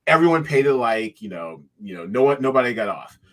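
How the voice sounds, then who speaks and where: A man's voice: mid-range voice, sing-song, brisk, a bit bright. A man, a guest founder, talking casually in an interview and rambling through a story with many fillers and restarts.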